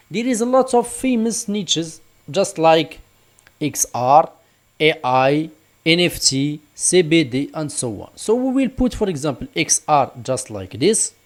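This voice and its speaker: Guy doing a screen tutorial, kinda high voice, keeps saying for example. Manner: explanatory, repeats "for example" and "just like this". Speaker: online tutorial instructor. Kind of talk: screen-recorded tutorial walkthrough.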